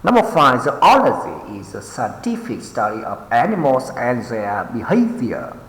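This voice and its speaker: Male teacher, Vietnamese accent, slow drilling delivery, echoey reverberant room. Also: mid-range voice, huge pitch swings, fairly bright tone. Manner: slow and deliberate, drawn-out repetitions with frequent fillers. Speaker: English teacher. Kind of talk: pronunciation lesson, reading words for repetition.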